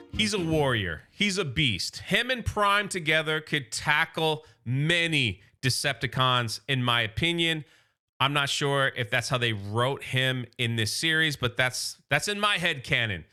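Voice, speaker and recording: A man casually recapping a comic series as a video host, chatty and quick to paraphrase the characters. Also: fairly high pitch, pushed and bright. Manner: chatty, narrates plot with "he's like" quotes. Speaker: comic book reviewer.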